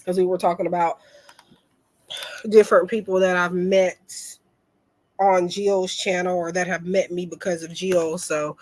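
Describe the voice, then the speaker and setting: A woman hosting a tarot livestream and chatting casually with viewers in a sick, under-the-weather voice, halting and reflective, often trailing off. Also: on the low side, level tone, darkish tone. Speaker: tarot reader and livestream host.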